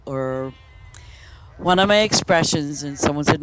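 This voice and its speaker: A woman's voice: sits low, expressive, unhurried, background noise. A woman chatting casually while she streams a game, rambling from story to story and laughing often. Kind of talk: casual chat while playing. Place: home, in Boston.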